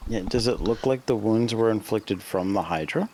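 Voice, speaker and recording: A man talking casually as a player at a tabletop game, hesitant and soft-spoken. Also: lowish voice, normal speed, a little hiss or hum.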